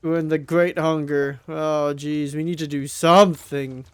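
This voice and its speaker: A man's voice: fairly high pitch, fairly even intonation, measured pace, smooth, dry recording. A young man commenting on his strategy game, groaning, swearing and pleading at it as things go wrong. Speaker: gameplay commentator.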